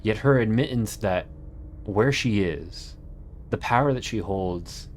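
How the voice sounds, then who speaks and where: Man, very low voice, scripted video essay narration, earnest, measured, faint background hiss. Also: darkish tone. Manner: earnest, measured, dramatic pauses. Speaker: YouTube narrator.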